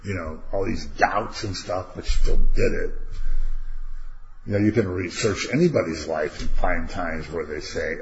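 An older man leading an informal Bible study, talking conversationally and turning animated when he quotes God. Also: low-pitched, unhurried, roomy sound. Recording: dull lo-fi recording with faint noise.

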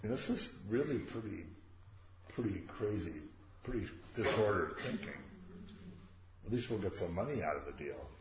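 Low-voiced man teaching with chatty asides. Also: expressive, normal speed, pauses often, background noise. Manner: chatty, joking asides, rhetorical questions. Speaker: Bible study teacher. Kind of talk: informal scripture commentary. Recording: echoey, dull lo-fi room recording.

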